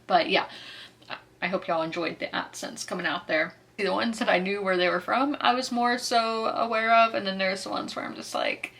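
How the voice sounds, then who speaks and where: Bright-voiced chatty woman book vlogger. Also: mid-range voice, fairly even intonation, normal speed, gravelly. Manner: chatty, rambling, self-correcting. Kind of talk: casual chat.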